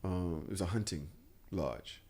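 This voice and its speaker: A man hosting a podcast in casual chat, telling stories in a blunt, animated and profane way. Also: low-pitched, a little slow, vocal fry, breathy edge. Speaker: podcast host.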